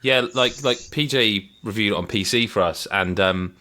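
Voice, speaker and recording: A man's voice: lowish voice, normal speed, bright, forceful tone. A man hosting a podcast, chatting casually with stammered restarts. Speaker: host.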